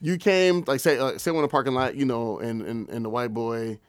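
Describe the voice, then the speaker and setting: Man, host, fast talker, dry close sound, animated storytelling. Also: medium pitch, clean tone, dry recording. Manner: animated, storytelling with quoted voices. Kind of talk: casual chat.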